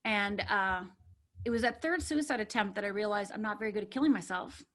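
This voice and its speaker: A woman's voice: medium pitch, a little fast, a bit bright. A woman from Upper Michigan, a life coach guest on a podcast, telling a personal story in an earnest, emphatic way and often checking in with "right?". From Upper Michigan, USA.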